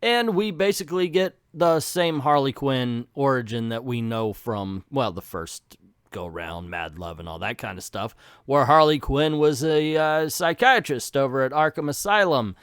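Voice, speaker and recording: A man's voice: mid-range voice, lively intonation, normal speed, a bit bright, clear, resonant tone, no room sound, studio quality. Chatty man reviewing comic books. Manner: chatty and enthusiastic, with asides and restarts. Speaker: comic book review host. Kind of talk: casual comic book commentary.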